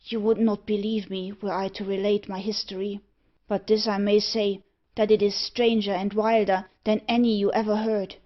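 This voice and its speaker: A woman voicing a haunted young gentleman in a gothic audiobook, speaking gravely and earnestly about a fate he cannot escape. The audio is slightly dull and lo-fi, and the pitch sits in a middle range. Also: little pitch movement, moderate pace, close to an everyday voice. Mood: brooding. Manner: earnest, brooding. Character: young gentleman with a dark secret.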